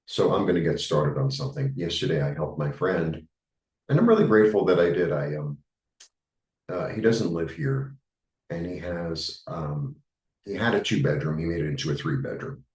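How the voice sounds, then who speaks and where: A man with a New York accent giving a rambling, halting tarot reading, full of fillers. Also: sits low, a little mellow, echoey room, far from the mic, low-quality recording. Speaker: tarot reader. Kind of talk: casual spiritual monologue.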